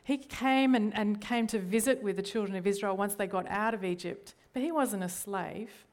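A middle-aged Australian woman, a church leader, delivers an earnest sermon in a voice of typical female pitch at a normal speed. She frequently poses rhetorical questions to check in with the congregation.

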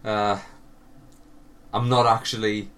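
A man's voice: on the low side, flat delivery, slow, a bit bright. Guy podcast host rambling thru a cringe story, swears a lot, a bit far from the mic. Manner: sweary, laughing, drops voice for quoted lines. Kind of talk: casual storytelling chat.

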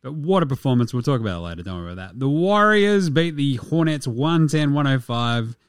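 A young Australian man talks basketball in a loose, rambling way. He swears freely, jokes constantly and slips into quick silly voices mid-sentence. His voice sits at an ordinary middle pitch and is recorded close and dry, with no room sound. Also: sing-song, clear, resonant tone, no echo. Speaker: podcast host. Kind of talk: casual sports chat.

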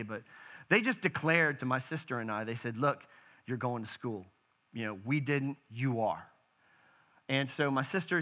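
A middle-aged man with a bright, clear-toned voice speaks to a congregation. He talks haltingly, restarting sentences and filling pauses, and his voice wavers with emotion. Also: medium pitch, rough recording. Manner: halting, many fillers and restarts. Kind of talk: emotional church talk.

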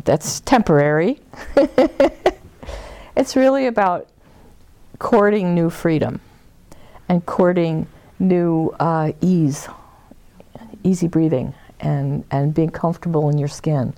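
Warm, gravelly woman leading a workshop. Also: deep voice, dry recording. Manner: gentle and meandering, with soft laughs. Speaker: forgiveness workshop leader. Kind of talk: guiding a group session.

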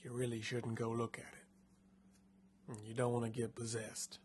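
A man voicing a frightened guide who warns of a haunted tree in a hushed, solemn tone, read from a storybook. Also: medium pitch, measured pace, slight background noise, lightly acted. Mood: fearful hush.

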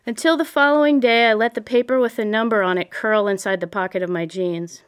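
Fields: Voice: smooth woman narrator. Style: memoir audiobook. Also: medium pitch, fairly even intonation, a little fast.

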